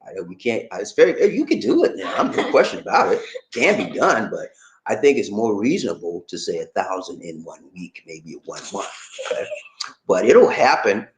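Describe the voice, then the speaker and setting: A man's voice: fairly low pitch, moderate pace, reverberant, rough recording. A man from Charleston, South Carolina, hosting a casual livestream, chatting with viewers and reading their comments. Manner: lively, talks to viewers, reads comments, laughs often. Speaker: livestream host.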